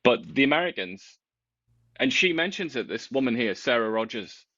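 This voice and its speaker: A man co-hosting a casual political chat, talking in an animated, wry way with big swings in pitch. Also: normal speed, no room sound, highs cut off.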